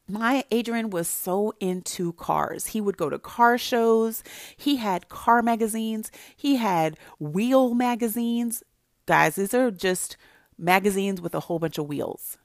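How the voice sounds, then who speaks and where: A woman's voice: medium pitch, no room sound, studio quality. Chatty woman giving marriage advice. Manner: animated, chatty storytelling. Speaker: relationship advice speaker. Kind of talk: casual advice talk to wives.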